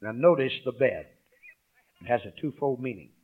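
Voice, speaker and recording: A man preaching a sermon. He calls out to the congregation, swings from loud emphasis to hushed asides, and reads scripture aloud. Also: mid-range voice, animated, moderate pace, slightly rough, phone-quality sound.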